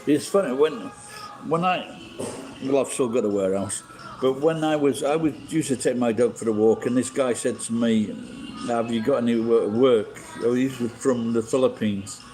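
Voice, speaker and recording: A man's voice: medium pitch, moderate pace, darkish tone, soft background music, low-quality recording. A middle-aged man from England, hosting a rambling, casual livestream chat and swearing bluntly as he shares strong opinions. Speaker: livestream host.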